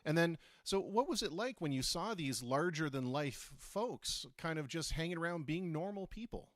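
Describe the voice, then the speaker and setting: A man's voice: on the high side, expressive, normal speed, no echo, studio quality. A middle-aged man hosting a casual interview, enthusiastic, with stammered restarts. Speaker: host.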